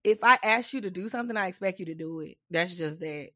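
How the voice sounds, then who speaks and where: A woman's voice: fairly low pitch, quick pace, bright, forceful tone, no echo, clean studio sound. Sassy, emphatic woman co-host. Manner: sassy and emphatic, calling people "honey"; laughs between points. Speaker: podcast co-host. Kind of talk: casual chat.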